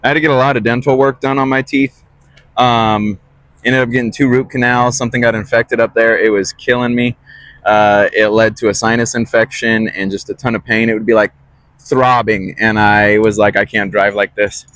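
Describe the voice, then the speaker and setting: This man's voice is fairly low, slightly bright, and flat in delivery, moving at a normal speed with no echo. Walking his dog at a truck stop, he chats to the camera as a trucking vlogger, rambling easily and correcting himself.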